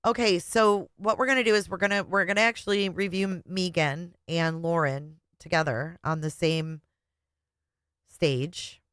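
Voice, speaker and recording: On her casual stream, a low-voiced woman of middle age talks right to her chat at a measured, steady pace, bluntly and with plenty of swearing. Her voice is clear, resonant, and fairly bright, captured dry and close without reverb.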